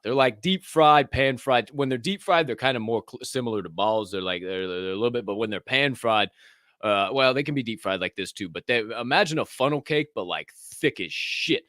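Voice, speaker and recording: A man's voice: lowish voice, no room sound, clean studio sound. A young man hosting a live show, chatting casually, rambling and joking with frequent profanity. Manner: rambling, profane, jokey and excitable. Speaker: podcast host. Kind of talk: casual live-stream chat.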